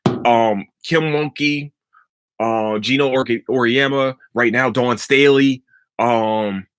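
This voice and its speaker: A man hosting a casual sports podcast, giving emphatic, profane opinions in an animated way. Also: mid-range voice, slow, a little hiss or hum. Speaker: podcast host.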